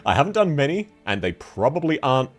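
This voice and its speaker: A man's voice: on the high side, very animated, fast, faint music behind. A man with an Australian accent, chatting casually on a game stream, laughing often as he answers chat.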